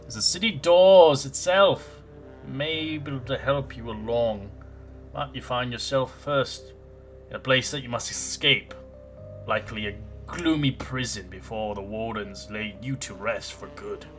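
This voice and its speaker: A man narrating a tabletop game as game master in a halting, rambling way with restarts. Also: mid-range voice, soft background music.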